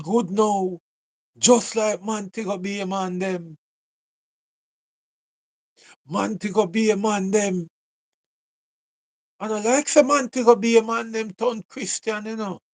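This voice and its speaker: A man's voice: high-pitched, slow pace, a little mellow. A man with a Jamaican accent giving a casual, repetitive commentary monologue, full of rhetorical questions.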